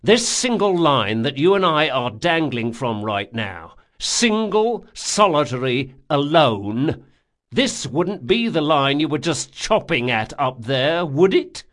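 A man voicing a sharp-tongued male thief who threatens and mocks in a raised, forceful voice. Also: fairly high pitch, big pitch swings, takes it slowly, full character voice. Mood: menacing. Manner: snarling, sarcastic, swearing.

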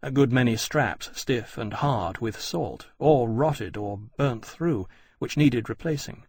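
Guy narrating an audiobook, steady and measured, kinda husky, dry sound. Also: medium pitch, no echo. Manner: even, measured reading. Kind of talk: scripted narration.

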